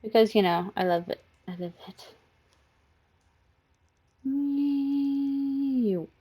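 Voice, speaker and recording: A woman's voice: high-pitched, lively intonation, very slow, mellow, slightly rough, pitched above the performer's own voice, exaggerated voice. A woman putting on a cute clingy house cat. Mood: smug, cuddly. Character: cute affectionate pet cat, playful and clingy.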